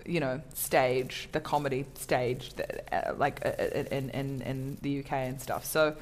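A woman's voice: very deep voice, little pitch movement, measured pace. A woman comedian chatting casually in an interview, talking in a self-deprecating way with many fillers and restarts. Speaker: comedian guest.

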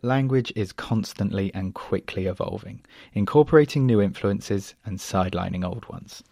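A male reporter narrating a scripted report with crisp, even delivery. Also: lowish voice, normal speed.

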